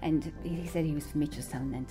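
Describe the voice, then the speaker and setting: A middle-aged woman telling family anecdotes in a casual, animated way, often breaking into laughter. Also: sits low, brisk, faint music behind. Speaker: interviewee, daughter of the subject. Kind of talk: casual storytelling.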